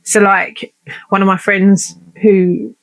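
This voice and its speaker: Heartfelt woman with a gravelly voice. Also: mid-range voice, level tone, slow pace. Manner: heartfelt, emotional, chatty. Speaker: podcast host. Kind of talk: personal storytelling.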